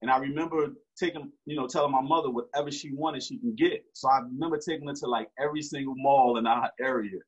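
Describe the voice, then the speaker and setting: A man's voice: mid-range voice, fairly even intonation, fast talker, hardly any pauses, slightly rough. A man, telling a story in slangy street talk with frequent restarts. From Newark, New Jersey. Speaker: interview guest. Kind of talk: casual storytelling. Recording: dull lo-fi recording.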